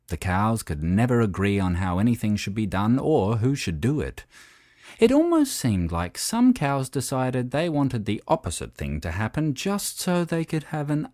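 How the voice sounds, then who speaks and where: A man narrating a children's story in an expressive, playful reading style. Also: on the low side, no echo, studio quality.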